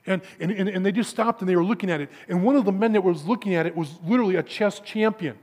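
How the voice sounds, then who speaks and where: High-voiced man preaching with hushed drops. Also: quick pace. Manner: storytelling, stammering repeats, drops to a hushed low for emphasis. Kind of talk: sermon to a men's gathering.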